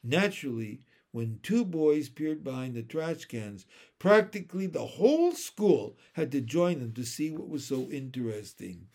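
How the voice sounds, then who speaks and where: Slow, expressive male storyteller. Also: medium pitch. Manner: expressive, unhurried. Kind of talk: children's book read-aloud.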